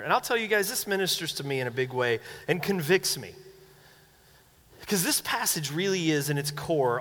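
A young man preaching a sermon as a pastor, animated, acting out quoted voices with big swings in pitch. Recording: long hall reverb.

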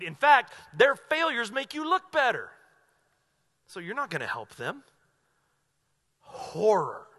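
A man preaching a sermon as pastor, conversational and animated, acting out quotes as he goes. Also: a little high.

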